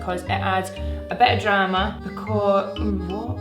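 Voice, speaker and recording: A woman's voice: medium pitch, little pitch movement, measured pace. A woman with a Scottish accent chatting casually and gushing while she does her makeup in a tutorial at home. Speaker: beauty vlogger. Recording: roomy sound with faint music.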